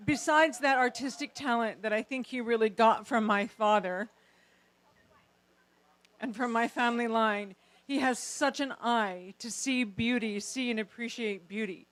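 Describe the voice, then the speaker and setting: Chatty woman toasting her son. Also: a little high. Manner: chatty and warm-hearted, laughs between thoughts. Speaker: groom's mother. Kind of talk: wedding toast. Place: outdoor backyard.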